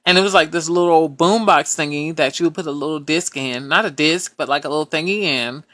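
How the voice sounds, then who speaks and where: Bright, innocent-sounding man chatting. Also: on the high side, fairly quick, dry recording. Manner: soft-spoken, hesitant, many fillers. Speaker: podcast co-host. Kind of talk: casual chat.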